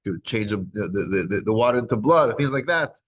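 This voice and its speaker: A man teaching a weekly scripture class, retelling the text as lively back-and-forth dialogue, with frequent restarts. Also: lowish voice, a little fast, poor audio.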